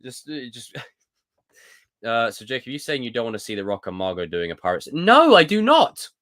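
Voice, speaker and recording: A young British man hosting a casual live stream, reading viewer comments and reacting in a jokey, animated way. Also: medium pitch, brisk. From United Kingdom. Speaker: livestream host.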